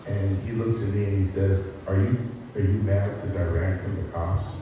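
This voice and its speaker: A man's voice: low-pitched, steady tone, fairly quick, background noise. A middle-aged man doing a stand-up set, telling profane stories about his son and chatting with the crowd. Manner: profane storytelling, crowd work. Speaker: stand-up comedian. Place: comedy club stage. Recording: echoey hall from far off with crowd.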